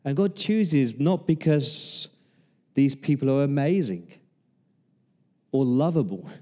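A male pastor delivers a sermon in a mellow, warm voice, retelling Bible stories with humor and acting out the people in them. His words ring out with the long reverb of a church hall. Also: medium pitch, animated, slow pace.

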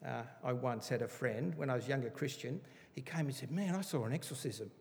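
A man teaching through a Bible passage in an animated, emphatic, chatty way. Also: mid-range voice, fairly quick, creaky. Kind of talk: conversational Bible study sermon. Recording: reverberant hall.

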